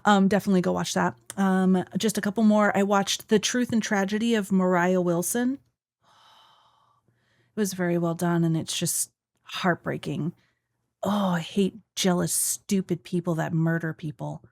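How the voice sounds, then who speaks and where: A woman's voice: on the low side, steady tone, moderate pace, creaky, no echo, studio quality. A woman co-hosting a podcast, chatting casually and enthusiastically about shows and books she has watched and read. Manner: chatty, enthusiastic, mimics others with silly voices. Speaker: podcast co-host. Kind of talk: casual chat.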